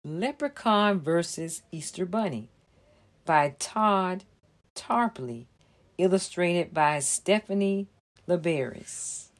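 A woman with a slightly low voice reads a children's story aloud very slowly and deliberately, in an animated way. She also explains holiday symbols with a careful presenter's manner.

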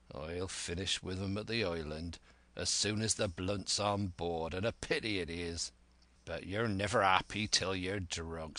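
A male reader doing a gruff old pirate cook, scheming and persuasive, low slow voice, dry close sound. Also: pushed and bright, no room sound, heavily acted. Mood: scornful. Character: scheming one-legged pirate cook, older man.

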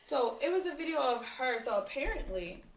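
A young woman co-hosting a casual podcast who jumps in with quick, teasing reactions. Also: sits high, big pitch swings, a crowd in the background. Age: young adult. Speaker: podcast co-host. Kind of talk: casual chat. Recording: echoey room with faint noise.

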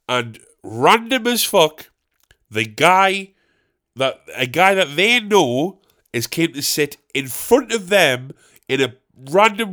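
Animated rambling man telling a story. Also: a little high. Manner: animated, swears freely, asks himself rhetorical questions. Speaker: podcast host.

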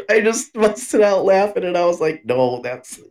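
A man co-hosting a casual podcast, easygoing and rambling, chuckling mid-sentence. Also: high voice. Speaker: podcast co-host. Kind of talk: casual chat.

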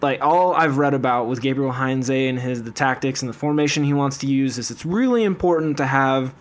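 A man's voice: medium pitch, brisk. A man co-hosting a casual sports podcast, eager and upbeat as he tells stories. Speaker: podcast co-host. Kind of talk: casual chat.

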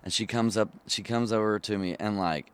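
A man, a musician guest, telling a story in casual chat, rambling and relaxed with many fillers and laughing at his own tale. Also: fairly low pitch, fairly quick, smooth.

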